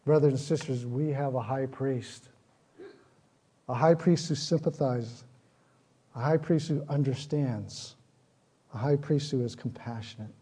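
A man's voice: mid-range voice, measured pace, long pauses, warm tone, husky. A man preaching a sermon, earnest, with repeated phrases that build in intensity. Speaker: pastor.

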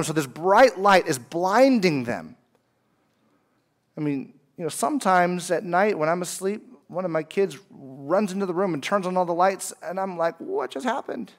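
Guy in his 30s preaching, kinda high voice, chatty and animated, acts out the quotes. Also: normal speed. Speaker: pastor. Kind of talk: sermon.

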